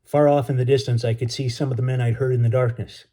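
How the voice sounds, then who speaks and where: A man reads a chapter of his own novel aloud as an author and teacher, easy and relaxed. His tone is mellow and dark at an average pitch. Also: fast talker. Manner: casual, relaxed greeting. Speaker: author and educator.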